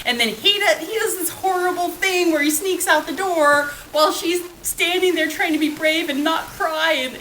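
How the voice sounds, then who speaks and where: A woman co-hosting a podcast in casual chat, dramatic and animated, often breaking into laughter. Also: very high voice, moderate pace, few pauses, a little hiss or hum. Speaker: podcast co-host. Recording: roomy echo.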